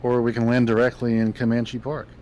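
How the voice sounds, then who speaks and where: A man's voice: mid-range voice, completely flat delivery, darkish tone, highs cut off, a little hiss or hum. Hesitant man chiming in on voice chat. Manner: hesitant, with filler pauses. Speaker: voice-chat participant. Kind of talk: casual chat.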